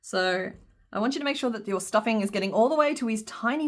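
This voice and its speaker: Teaching a crochet pattern one step at a time, a woman counts her stitches out loud and dissolves into giggles now and then. She talks fast, with a fairly high pitch and lively intonation.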